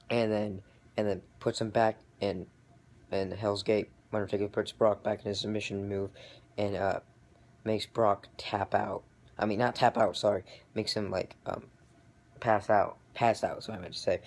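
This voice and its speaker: A young man with a somewhat low voice gives a loose, chatty recap. He rambles, keeps restarting his sentences and grows excited as he retells the action. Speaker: vlogger reviewing wrestling. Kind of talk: casual recap.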